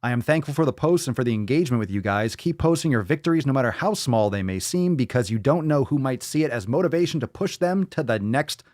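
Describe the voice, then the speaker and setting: A man's voice: mid-range voice, lively intonation, quick pace, few pauses, a little mellow. Profane sarcastic male podcast host. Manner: sarcastic, profane, jumps into silly voices. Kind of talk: casual live show banter.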